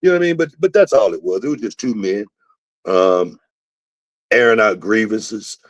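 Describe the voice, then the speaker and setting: Podcast host, male, deep voice, lively storyteller who acts out what others said. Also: moderate pace, no room sound, dull audio. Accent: Southern US. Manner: animated storyteller, acts out quotes with jumps in pitch. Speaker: podcast host, former wrestler. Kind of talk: casual storytelling.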